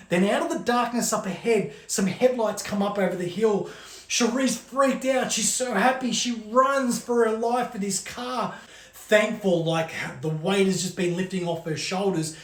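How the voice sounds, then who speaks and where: A storyteller tells a scary tale in a casual, chatty way and leans on "like" as a filler. The voice sits in the middle of the pitch range. The room sounds echoey. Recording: roomy echo.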